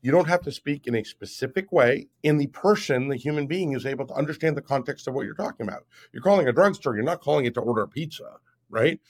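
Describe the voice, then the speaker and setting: A man in his fifties talks as a guest on an interview show. He explains things in an emphatic, step-by-step way and often checks in with "right?". His voice sits at a middle pitch. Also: animated, fast talker. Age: 50s. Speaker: guest, app founder. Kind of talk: podcast interview.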